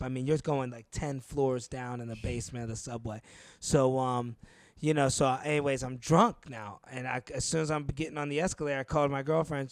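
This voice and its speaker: Brief: male comic, storyteller, gravelly edge, dry close sound. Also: medium pitch, dry recording. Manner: animated, laughs through his own stories. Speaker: comedian telling stories. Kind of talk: casual storytelling chat.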